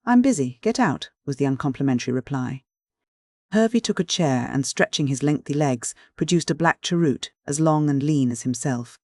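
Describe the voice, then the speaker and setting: An audiobook narrator reading a classic mystery in a clear, measured literary style. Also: mid-range voice, darkish tone, no room sound, clean studio sound.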